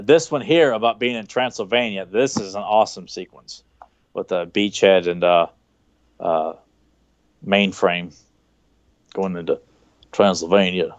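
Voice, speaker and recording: A man with a Southern US accent chatting casually as a podcast co-host, excited and rambling, with lots of fillers and restarts. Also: low-pitched, measured pace, dry recording, highs cut off. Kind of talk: casual chat, watching a cartoon.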